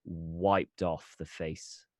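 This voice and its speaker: A man's voice: sits low, flat delivery, extremely slow, darkish tone, no echo, studio quality. A man in casual discussion, speculating emphatically about a roleplaying game.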